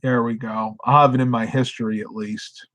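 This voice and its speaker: A man's voice: medium pitch, little pitch movement, moderate pace, a bit bright, no room sound. A sleepy middle-aged man chatting casually on a live stream, rambling and reading viewer comments aloud. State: sleepy, yawning.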